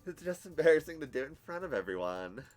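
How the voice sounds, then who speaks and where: A man voicing a sweet, cheerful teenage girl with a soft, squeaky voice for a game. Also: big pitch swings, quick pace. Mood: shy. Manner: soft, gentle delivery.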